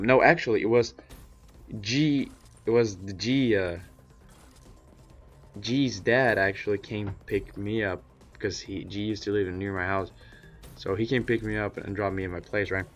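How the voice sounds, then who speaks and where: A young man with a lowish voice recounts a story from his own life in a loose, rambling way. He swears constantly and breaks into animated, shouted rants. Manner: animated, profane, ranting bursts. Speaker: vlogger. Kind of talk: casual storytelling.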